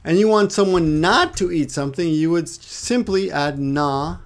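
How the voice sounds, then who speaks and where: Gravelly-voiced man teaching Japanese vocabulary. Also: fairly high pitch. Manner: explains step by step, repeats words slowly, restarts often. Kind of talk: casual online language lesson.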